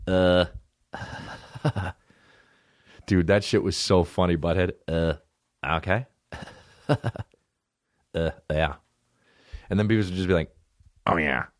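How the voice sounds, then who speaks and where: A man in his thirties rambles through a comic story as a podcast host, swearing freely and slipping into mock voices. His voice sits on the low side. The sound is dry and close to the mic, with no room echo. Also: steady tone, slow pace, long pauses. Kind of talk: casual comedic monologue.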